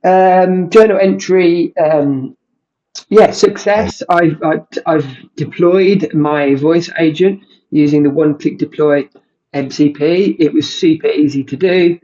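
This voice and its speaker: A man talks through a casual screen-share demo, halting often and restarting his sentences. His voice sits a bit high, and the audio is dull and lo-fi. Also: mellow. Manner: halting, full of ums and restarts. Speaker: tech creator.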